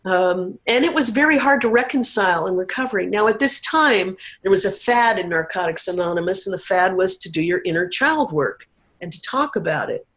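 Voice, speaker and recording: Woman talking openly about her past, emotional and candid, mid pitch. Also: animated, fairly quick, fairly bright tone, rough recording. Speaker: interview guest. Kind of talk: personal recovery story.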